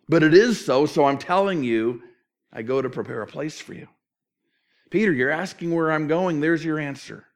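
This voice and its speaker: Lively middle-aged pastor preaching conversationally. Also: male voice, fairly high pitch. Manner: conversational, lively preaching with rhetorical questions and quoted asides. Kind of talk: sermon.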